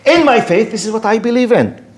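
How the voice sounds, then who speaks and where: A man's voice: very high voice, expressive, brisk. A man who speaks natively, giving a religious lecture in English. He argues animatedly and rhetorically, playing out debates with imagined objectors. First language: Arabic. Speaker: Islamic lecturer.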